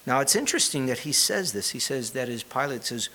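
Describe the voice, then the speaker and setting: A man's voice: mid-range voice, big pitch swings, brisk, bright, forceful tone, slight background noise. A man preaching a sermon, reading scripture aloud and explaining it in a conversational way, sometimes asking the listeners questions. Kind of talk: sermon, Bible teaching.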